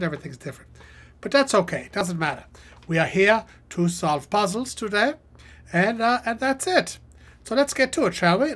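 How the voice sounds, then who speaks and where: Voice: mid-range voice, fairly bright tone, breathy edge. A live-stream host chatting casually and reading puzzle clues aloud as they think, with lots of fillers. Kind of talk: casual live-stream commentary while solving a crossword.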